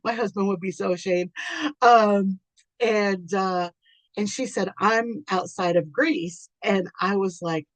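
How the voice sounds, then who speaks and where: A woman business coach giving an unscripted, heartfelt thank-you talk, chatty, full of ums and quick to laugh at herself. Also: medium pitch, dry recording. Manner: tearful and moved toward the end. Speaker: business coach and podcast host.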